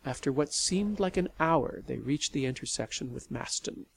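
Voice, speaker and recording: A man narrating a novel in an expressive storytelling manner. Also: medium pitch, moderate pace, gravelly, breathy edge, no room sound. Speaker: audiobook narrator. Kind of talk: scripted narration.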